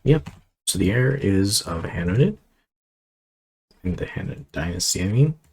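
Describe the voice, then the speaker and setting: A man's voice: low voice, sing-song, a little slow, a little mellow, breathy edge, low-quality recording. A man casually commenting on his strategy game as he plays, thinking aloud and rambling with fillers and asides. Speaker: gameplay commentator.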